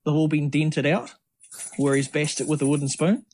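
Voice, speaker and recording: A man's voice: fairly high pitch, moderate pace. Chatty New man telling stories. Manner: rambling, lively anecdotes with many restarts. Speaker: triathlete guest. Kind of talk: casual storytelling interview.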